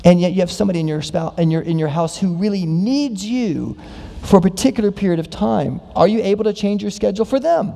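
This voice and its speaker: Gravelly preacher man in a reverberant hall. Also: mellow. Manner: asks many rhetorical questions; acts out quoted voices with big pitch jumps. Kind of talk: sermon.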